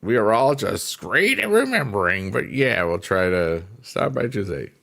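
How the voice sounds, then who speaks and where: A man's voice: on the low side, big pitch swings, normal speed, vocal fry, fairly bright tone. A man hosting a casual livestream, joking, laughing often and answering chat by name. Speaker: livestream host. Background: faint piano music.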